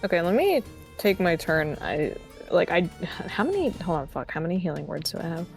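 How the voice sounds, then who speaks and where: A woman's voice: fairly low pitch, very animated, fairly quick, gravelly, soft background music. A woman playing in a tabletop game, chatting casually, scattered and thinking aloud. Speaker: player.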